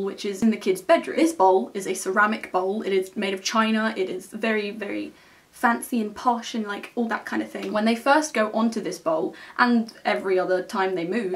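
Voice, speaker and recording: A young woman talks through a film review with eager, chatty enthusiasm, tagging her points with a quick "okay?". Her voice sits in an ordinary middle pitch. She is a little distant from the microphone. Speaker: film vlogger. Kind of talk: casual film review monologue.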